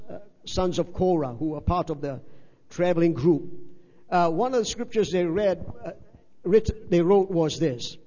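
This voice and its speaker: High-voiced pastor preaching in a hall. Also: male voice, a little mellow. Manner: emphatic preaching with repetitions and rhetorical questions. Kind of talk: sermon. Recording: dull sound with long hall reverb.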